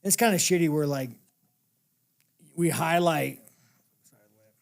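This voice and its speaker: A man's voice: a little high, unhurried, creaky. A man as an interview guest, telling stories in a blunt, profane, casual way and laughing as he talks.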